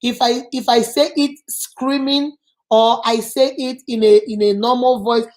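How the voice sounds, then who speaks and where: A woman's voice: fairly high pitch, fairly even intonation, a little slow, darkish tone. A woman hosting a casual talk, asking questions and summing up her guest's answers. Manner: probing, repeats and sums up answers. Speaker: host. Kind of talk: casual interview chat.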